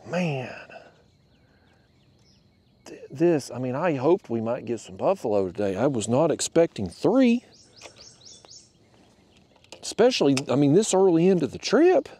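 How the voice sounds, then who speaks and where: A man, chatting to his viewers in a folksy, excitable way while fishing from a small boat. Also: medium pitch, a little slow, long pauses, breathy edge. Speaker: fishing vlogger. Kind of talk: casual narration while fishing.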